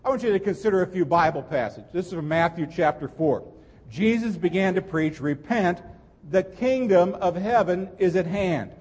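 A man's voice: high-pitched, animated, moderate pace, darkish tone, husky. A man preaching a sermon as a pastor, earnest and emphatic, repeating key phrases for weight. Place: church sanctuary. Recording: reverberant church sanctuary.

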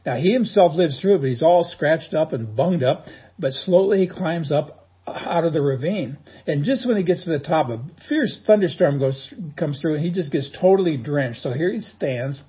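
A male pastor delivers a sermon in a folksy, joking storytelling way. His voice sits a little high and is deeply husky and rough. The recording sounds dull and lo-fi. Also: lively intonation, moderate pace.

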